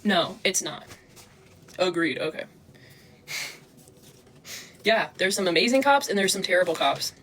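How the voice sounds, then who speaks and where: A young woman livestreaming, talking fast and agitated, swearing and replying to chat comments. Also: lowish voice, animated, a bit bright, a little hiss or hum. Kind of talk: livestream rant.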